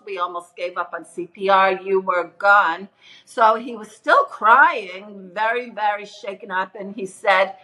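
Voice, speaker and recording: A middle-aged woman earnestly recounts her near-death experience as casual testimony, her voice pushed and bright on a rough recording. She acts out the quoted voices with big jumps in pitch.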